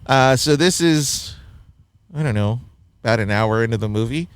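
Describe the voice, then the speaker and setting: A man's voice: mid-range voice, moderate pace, clear, resonant tone, no echo, studio quality. A man hosting a casual film review chat, blunt and opinionated, often laughing at his own points. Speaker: podcast host reviewing a film.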